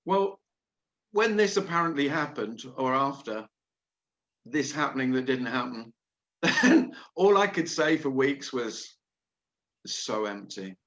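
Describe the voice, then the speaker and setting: A man's voice: mid-range voice, expressive, unhurried, a bit bright, muffled recording. A man from England hosting a casual nonduality video call, candid, playful and laughing often. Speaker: host of a nonduality meeting.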